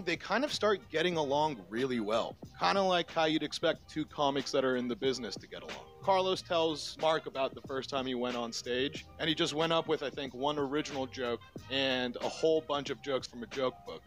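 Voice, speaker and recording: A man's voice: a little high, animated, a little fast, hardly any pauses, fairly bright tone. Man narrating with faint music. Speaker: comedy commentary YouTuber. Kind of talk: scripted reaction narration.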